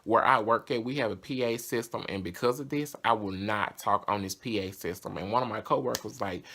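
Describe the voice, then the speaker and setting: A man's voice: fairly low pitch, fairly quick, few pauses, bright, forceful tone. A young man with a Southern US accent, talking casually and candidly to camera in a vlog. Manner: chatty, candid and sassy. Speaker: vlogger.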